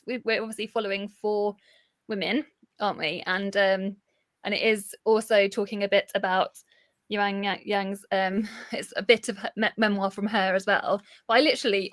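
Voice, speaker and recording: A woman with a mid-range, fairly bright voice co-hosts a live book chat, recorded dry at studio quality. She talks casually and giggles a lot, often laughing and restarting her sentences.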